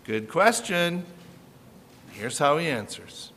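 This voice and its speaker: An animated male preacher delivers a sermon with a bright, forceful voice pitched a little high. He drives his points home with emphatic rhetorical questions. A long reverb from a large hall trails his words. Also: slow.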